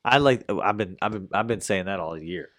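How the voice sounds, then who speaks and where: A young man co-hosting a sports podcast in a relaxed drawl that jumps up loud when he gets excited. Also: low-pitched, normal speed. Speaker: podcast co-host. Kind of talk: casual sports chat.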